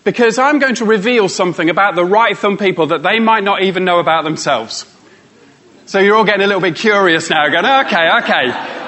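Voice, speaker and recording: A man running a live workshop, teasing the crowd and coaxing them along. His voice sits high for a man and sounds bright and forward. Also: fairly quick. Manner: playful, teasing, coaxing the audience. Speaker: motivational speaker. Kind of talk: live workshop talk to an audience.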